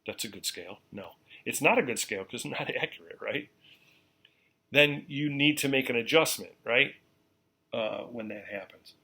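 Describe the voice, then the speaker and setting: Male college lecturer, bright tone, mid pitch, casual and repetitive, checks understanding often. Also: gravelly, slightly rough. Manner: repeats key points slowly, frequent "okay?" check-ins; casual, conversational explaining. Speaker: university lecturer. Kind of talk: classroom lecture.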